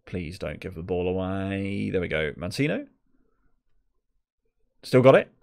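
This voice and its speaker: A young man with a fairly low voice commentates live on a game. He is chatty and exasperated, and talks straight to the players on screen as if they could hear him. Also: big pitch swings, a little slow, creaky, a little mellow. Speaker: gaming video creator.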